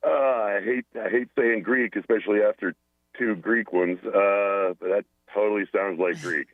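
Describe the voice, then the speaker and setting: A man calling in to a radio contest, calm and polite. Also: on the low side, moderate pace. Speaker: caller. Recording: phone line.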